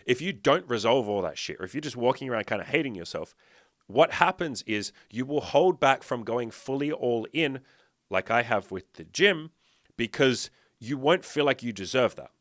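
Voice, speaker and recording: A man talks straight to his viewers in a blunt, swearing, emphatic way and keeps hitting them with rhetorical questions. His pitch sits in an ordinary middle range for a man. The recording is dry, with almost no room sound. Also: animated, normal speed, fairly bright tone, dry recording. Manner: blunt, profane, emphatic lecturing. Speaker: dating and fitness coach. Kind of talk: direct-to-camera motivational talk.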